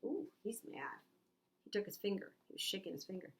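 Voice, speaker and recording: A woman teacher reading a picture book aloud to young children, animated and asking them questions. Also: medium pitch, fairly quick. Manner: animated, asks the listener questions. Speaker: preschool teacher.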